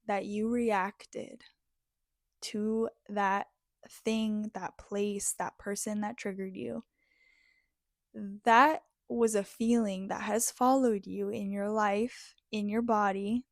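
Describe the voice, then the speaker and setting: Slow, earnest woman with a dry voice. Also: medium pitch, gravelly, no echo. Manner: slow, earnest, heartfelt, pauses often. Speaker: spiritual self-help speaker. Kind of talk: reflective motivational talk.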